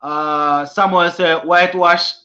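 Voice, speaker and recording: A man's voice: on the high side, fairly even intonation, takes it slowly, sharp tone. A young man with a Jamaican accent hosting a cricket live stream, reading viewer comments aloud and answering them in a casual way. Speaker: sports channel host. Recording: lo-fi stream audio.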